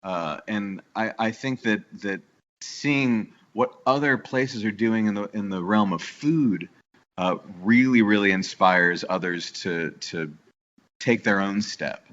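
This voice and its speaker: A man's voice: on the low side, slow pace, fairly bright tone, dull audio. A man from the New York area talking as a business owner in a casual podcast interview, eager and rambling with many restarts. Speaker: guest, bakery owner.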